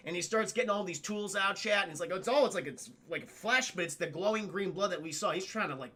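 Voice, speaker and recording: A man's voice: high voice, quick pace, sharp tone. A man livestreaming a casual film recap, rambling and profane, often addressing his chat. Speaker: film review streamer.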